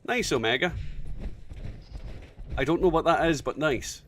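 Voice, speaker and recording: A man's voice: fairly high pitch, a little slow. Guy streaming a game, swears a lot, easy banter, bit of hiss. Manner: swears often, animated banter. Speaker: streamer host. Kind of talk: casual gaming chat.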